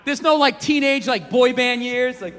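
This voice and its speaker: A man doing a stand-up comedy routine, rambling and swearing through animated rants. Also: very high-pitched, moderate pace, long reverb tail, a little hiss or hum. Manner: profane, rambling, animated rants with acted-out quotes.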